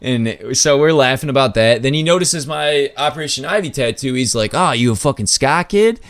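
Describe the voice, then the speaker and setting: A man at a middle pitch tells a story in a relaxed, rambling way, leaning hard on "like" and casual swearing. He jumps up in pitch when he acts out what other people said. The sound is dry and close, with no room around him. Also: brisk, no echo. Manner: loose, filler-heavy talk with lots of "like" and swearing. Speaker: podcast host.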